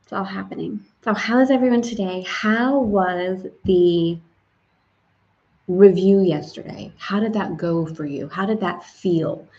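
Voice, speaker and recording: A middle-aged woman hosting a casual spiritual live stream, chatty and lively, sprinkling in French greetings. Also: on the low side, takes it slowly. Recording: slightly dull stream audio.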